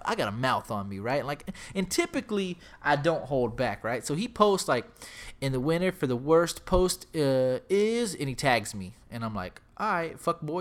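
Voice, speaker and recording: A man hosting a podcast, telling a story in casual chat with lots of swearing. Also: medium pitch. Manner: animated, profane storytelling, acts out quoted lines. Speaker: podcast host.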